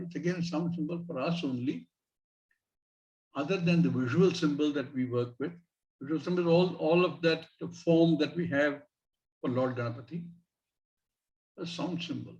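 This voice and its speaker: A fairly high-voiced man lectures on scripture to a class. He speaks in a measured way, stopping to recite Sanskrit syllables, and the recording sounds dull and lo-fi. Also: animated, a little mellow, distant mic. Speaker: Vedanta teacher.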